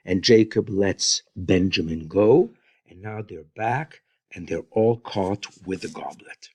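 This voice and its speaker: A man retelling Bible stories in an informal, unhurried way, adding his own comments and Hebrew phrases, recorded on a close mic in a quiet room. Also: low voice, animated, breathy edge, no room sound. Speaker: Bible teacher.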